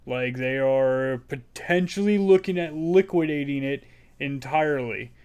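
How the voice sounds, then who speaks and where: A man's voice: medium pitch, measured pace, darkish tone, clean tone. A man co-hosting a podcast, sharing news in casual chat, a bit scattered and apologetic. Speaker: podcast co-host.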